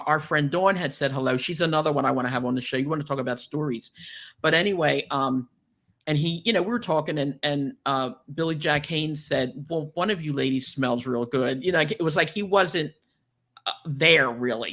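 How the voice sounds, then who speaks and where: An older woman hosting a podcast, telling chatty, animated stories and laughing often. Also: sits low, a little fast. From New Jersey. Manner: animated, chatty storyteller who laughs a lot. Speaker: podcast host. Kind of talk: casual chat.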